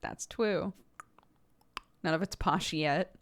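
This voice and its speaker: Chatting casually with viewers, this woman streamer speaks in a low, slow voice. She talks a lot, laughs frequently, and leans heavily on fillers.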